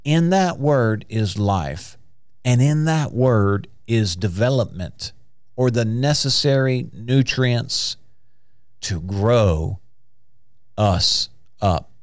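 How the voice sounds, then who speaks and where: Male preacher, mid-pitched, slow and deliberate, call-and-response sermon, dry close sound. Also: animated, no room sound. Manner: call-and-response preaching, rising to emphatic peaks.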